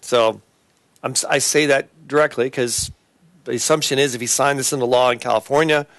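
A man hosting a Christian talk show, talking earnestly and haltingly, with many fillers and restarts. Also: medium pitch, steady tone, fairly bright tone, dry recording. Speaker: host.

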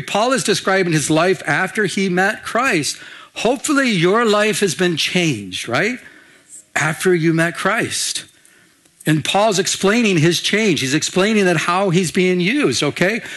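Older pastor preaching in a chatty way. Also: male voice, sits high, lively intonation, measured pace, fairly bright tone. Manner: conversational, repeats and restarts, asks the room for amens. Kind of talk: sermon.

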